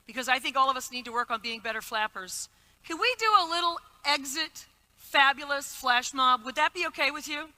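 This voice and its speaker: Woman, middle-aged, motivational speaker, high-pitched, bright voice, playful stage storyteller, live audience. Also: big-room sound, poor audio. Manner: animated, playful, audience-engaging.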